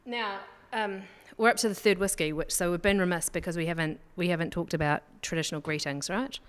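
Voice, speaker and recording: A woman's voice: on the low side, steady tone, fairly quick, clear, resonant tone, big-room sound. A woman guest on a podcast, chattily explaining whisky with plenty of ums. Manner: explanatory, chatty, many fillers. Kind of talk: casual chat.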